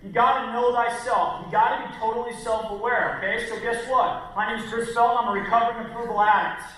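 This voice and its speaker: A man giving an energetic, punchy motivational talk on stage, speaking directly to the crowd in a large hall. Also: extremely high pitch, quick pace. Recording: echoey hall from far off, faint noise.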